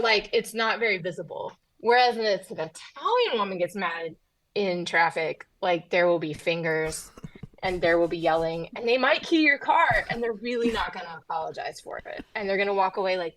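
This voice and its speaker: A woman's voice: mid-range voice, low-quality recording. A woman from Tennessee, a pastor's wife and comedian, telling stories as a guest in a casual podcast interview. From Southern US, Tennessee. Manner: animated storyteller, quick asides.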